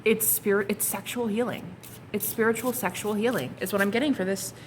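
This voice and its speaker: A young woman doing a casual tarot reading, excitable and flustered, swearing casually and calling her viewers honey and girl. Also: medium pitch, brisk, a little hiss or hum. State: flustered and hot. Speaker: tarot reader.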